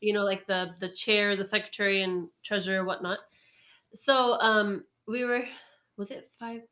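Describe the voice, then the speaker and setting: A woman's voice: medium pitch, fairly even intonation, moderate pace, a bit bright. A woman telling a story in casual chat, rambling with lots of fillers and laughs. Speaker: storyteller guest.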